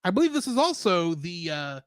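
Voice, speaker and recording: A man co-hosts a podcast in a high, lively voice, chatting a little fast and laughing often. He keeps things animated. The sound is dry and close, with no room sound at all.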